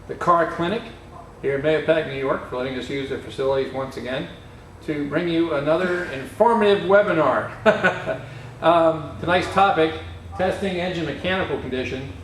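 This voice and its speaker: A man's voice: fairly high pitch, moderate pace, fairly bright tone. A man hosting a technical webcast, chatting conversationally and explaining things with practical examples from a repair shop. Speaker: webcast host. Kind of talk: casual technical discussion. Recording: echoey shop, distant mic, faint noise.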